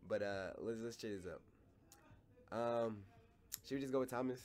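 A man's voice: medium pitch, brisk, faint music behind. A young man chatting casually over a game for his viewers, joking and rambling as he plays. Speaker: gaming YouTuber. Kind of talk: casual gameplay commentary.

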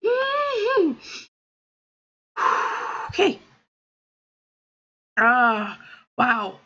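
A woman's voice: high voice, big pitch swings, very slow, long pauses, pushed and bright, dull audio. A woman live streamer, tearful and crying, talking to her viewers in breathless exclamations broken by laughter.

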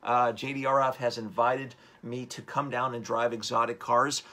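A man's voice: medium pitch, level tone, moderate pace, bright, forceful tone. A man hosting a live-streamed motivational talk, upbeat and rambling as he urges viewers on. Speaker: host.

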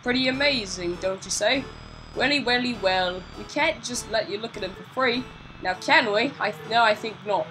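A woman voicing a smug male ghost who collects jars and taunts the player, in a mock rough accent. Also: fairly high pitch, normal speed, music in the background, natural voice, low-quality recording. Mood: taunting.

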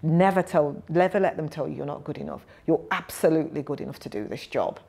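Stern older ward sister, firm and reassuring, lower register, voiced by a woman retelling her. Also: fast talker, gravelly, a little mellow, breathy edge, heavily acted.

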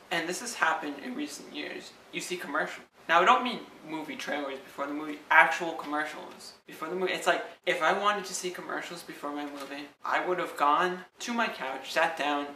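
A man's voice: fairly high pitch, sharp tone. A man giving a sarcastic, ranting comedic vlog. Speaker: vlogger. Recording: echoey room, distant from mic, faint background noise.

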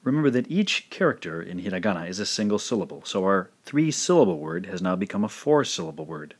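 A man teaching a recorded language lesson, carefully modelling each syllable slowly and repeating it twice. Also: low voice, big pitch swings, breathy edge.

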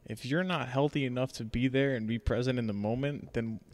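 A man's voice: medium pitch, steady tone, a little fast, darkish tone. A man co-hosting a casual podcast, agreeing and finishing his partner's thoughts. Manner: agreeable, chiming in. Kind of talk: casual chat.

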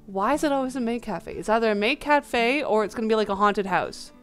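Rambly woman playing a game and chatting, lots of likes and uhs, clear smooth voice. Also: on the high side, a little fast, soft background music. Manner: chatty, rambling, many fillers. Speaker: let's play host. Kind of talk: casual let's play commentary.

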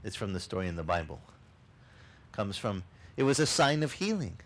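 A man preaching a sermon at an outdoor beach service, telling Bible stories in an animated way and acting out the voices of the people in them. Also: fairly low pitch, normal speed. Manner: animated storytelling, acts out voices of people and God. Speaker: pastor.

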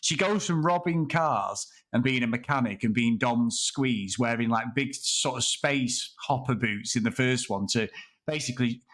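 A man's voice: medium pitch, moderate pace, a bit bright. A man chatting casually about a film on a podcast, rambling and laughing, swearing freely.

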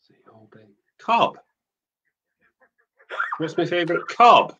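A man's voice: mid-range voice, expressive, moderate pace, highs cut off, crowd noise. A middle-aged man from Manchester, a soap actor guest, chatting casually and rambling through anecdotes with a chuckle. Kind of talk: casual chat on a web show.

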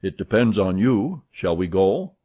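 A man voicing a calm, precise English gentleman who speaks in a measured, composed way, with a husky voice on a dull recording. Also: deep voice, full character voice.

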